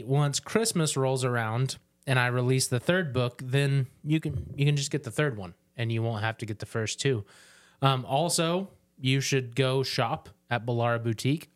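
A man's voice: medium pitch, moderate pace. Rambling, joking male podcast host. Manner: rambling, joking, with filler restarts. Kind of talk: casual chat.

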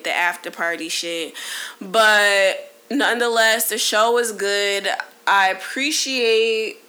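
A woman's voice: mid-range voice, steady tone, slow pace, sharp tone. A woman in her late twenties hosting a solo podcast, talking candidly in a rambling, casual way with many fillers and restarts. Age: 20s. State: briefly emotional. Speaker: podcast host.

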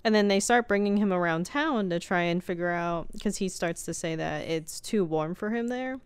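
A woman's voice: lowish voice, normal speed, clean tone, no echo. A woman co-hosting a podcast, chatting casually and recapping a movie, laughing often as she acts out quotes. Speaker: podcast co-host.

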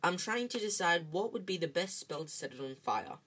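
A reader voicing a cool, quick-witted boy wizard in a read-aloud storybook, dry and unbothered. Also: medium pitch, animated, a bit bright, breathy edge. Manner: cool and dry, turning fierce.

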